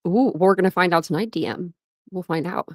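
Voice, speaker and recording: A woman's voice: lowish voice, fairly quick, no echo, studio quality. Chatty woman hosting a livestream. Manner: chatty, laughs often, greets chat by name. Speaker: livestream host. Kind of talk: casual livestream chat. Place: home.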